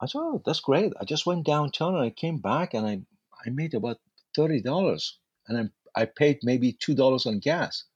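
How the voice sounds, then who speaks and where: Male guest, husky voice, animated storyteller, dry close sound. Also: medium pitch, moderate pace, dry recording, highs cut off. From Iran. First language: Farsi. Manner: animated anecdotes with acted-out dialogue. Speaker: interview guest, actor. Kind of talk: casual storytelling.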